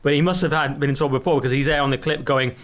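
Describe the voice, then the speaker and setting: A man's voice: medium pitch, steady tone, rapid-fire, fairly bright tone. A man co-hosting a podcast, joking and sardonic in casual back-and-forth chat. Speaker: podcast co-host.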